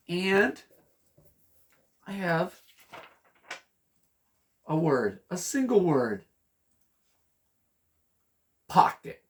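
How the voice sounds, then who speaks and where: A man teaching a phonics lesson to children, speaking slowly and patiently, spelling words out letter by letter in an animated, sing-song way. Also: fairly high pitch.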